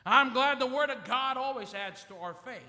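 High-voiced fervent preacher man in a church hall. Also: moderate pace, bright, forceful tone. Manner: fervent, call-and-response with congregation. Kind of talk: sermon. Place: church sanctuary.

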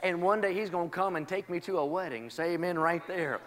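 A man preaching a sermon, moving from quiet testimony to shouted, rhythmic praise. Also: high voice, fairly quick. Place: church. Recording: long reverb of a large hall. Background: congregation responding.

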